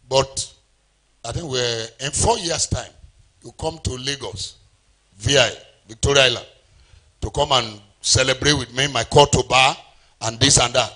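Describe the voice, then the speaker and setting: A man's voice: a little high, moderate pace, pauses often, a bit bright. A middle-aged Nigerian man preaching a sermon as pastor, calling out to the congregation and singing out phrases. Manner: call-and-response preaching, sings phrases.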